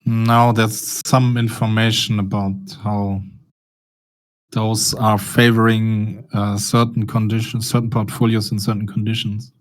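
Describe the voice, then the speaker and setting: A man's voice: fairly low pitch, flat delivery, unhurried. A man chatting casually with friends about trading. He laughs easily and swears casually. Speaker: trader in a group voice chat. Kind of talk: casual chat.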